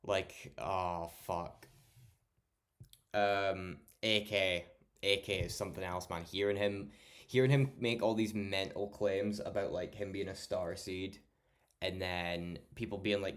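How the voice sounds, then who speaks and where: Low-voiced sweary Scottish streamer. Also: male voice, fairly even intonation, measured pace, fairly bright tone. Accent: Scottish, mild. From Scotland. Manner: rambling, sweary, laid-back. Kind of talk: casual chat.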